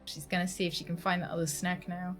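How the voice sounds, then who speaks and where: A woman streaming a game from home, chatting casually, laughing often and switching into a high baby voice for her dog. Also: monotone, fast, a bit bright, faint music behind. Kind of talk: casual live-stream chat.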